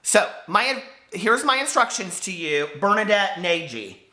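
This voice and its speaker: A man in his forties with a high, squeaky voice, speaking in an impassioned, hurt vlog rant and swearing as he talks to the camera. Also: expressive, unhurried, pushed and bright, reverberant. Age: 40s. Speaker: book vlogger.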